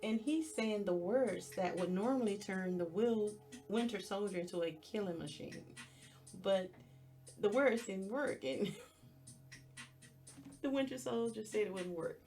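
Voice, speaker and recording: Woman podcast host; expressive, playful recap delivery, slow pace, mid-range voice. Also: mid-range voice, soft background music. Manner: chatty and expressive, with playful asides. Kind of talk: casual TV episode recap.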